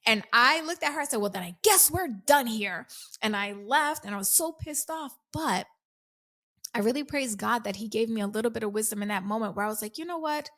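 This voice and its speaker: A woman's voice: fairly high pitch, brisk, pushed and bright. A woman guest on an interview podcast, telling her life story candidly and animatedly, acting out remembered dialogue and laughing often. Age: adult, past early twenties. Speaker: guest author and coach.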